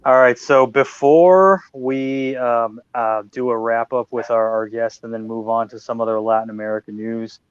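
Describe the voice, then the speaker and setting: A man hosting a podcast over a video call, chatting casually in an animated, joking, rambling way. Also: medium pitch, clear, resonant tone, no room sound, lo-fi sound. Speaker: podcast host. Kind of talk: casual chat.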